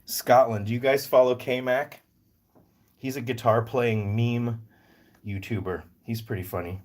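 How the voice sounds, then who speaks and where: A man's voice: medium pitch, fairly even intonation, a little slow, a little mellow. A man from Northern Virginia hosting a casual live stream about rescue animals, jokey and rambling as he answers viewer comments aloud. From Northern Virginia, US East Coast.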